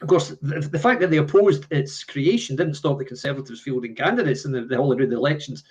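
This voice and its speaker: Fast-talking man explaining politics. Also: mid-range voice. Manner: explanatory, agreeable. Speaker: co-host. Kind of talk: live political talk show chat.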